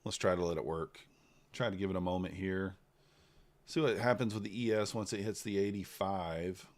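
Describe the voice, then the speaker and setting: A man giving casual live commentary while trading, thinking out loud in an unhurried, low-key way. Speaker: livestreaming futures trader.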